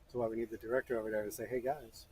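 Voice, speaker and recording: A man's voice: lowish voice, level tone, very fast, a little mellow, slight background noise, poor audio. A man working as a blacksmith, giving casual hands-on instruction to a beginner and chatting with stories as he works.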